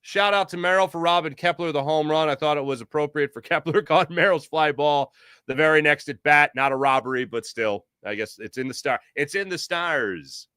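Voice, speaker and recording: A man's voice: on the high side, moderate pace, clear, resonant tone, no echo, clean studio sound. A man hosting a casual sports podcast livestream and reading out the chat with jokey, rambling energy. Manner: animated, jokey, rambling with restarts.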